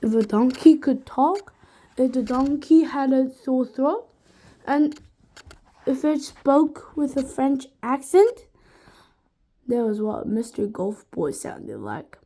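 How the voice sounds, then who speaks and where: Woman storybook reader, high voice, unhurried expressive delivery. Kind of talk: reading a children's chapter book aloud.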